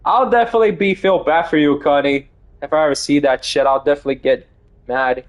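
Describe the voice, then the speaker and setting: Excitable man streaming a game. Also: on the high side, fast talker, narrow, tinny audio. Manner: excitable, swears, shouts reactions. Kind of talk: live gaming stream commentary.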